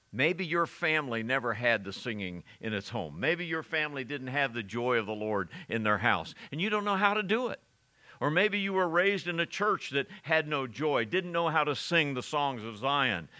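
A middle-aged man delivering a sermon, his pitch swinging widely as he presses each point home. His tone is bright and forceful, and he sometimes stops to correct a word before pushing on. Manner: earnest preaching, rising to emphatic peaks, occasional self-corrections. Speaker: preacher.

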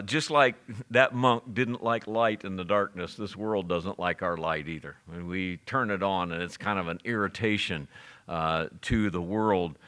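A man's voice: deep voice, sharp tone. A middle-aged man preaching a sermon, explaining scripture verse by verse and telling a story, with frequent "uh"s and restarts. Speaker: pastor.

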